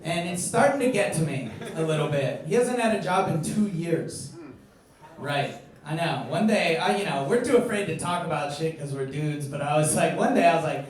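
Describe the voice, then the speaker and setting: A young adult man doing a stand-up set, ranting and swearing, building to loud indignant outbursts. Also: fairly high pitch, animated, normal speed. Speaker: stand-up comedian. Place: comedy club stage. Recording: echoey room, far from mic, crowd laughing.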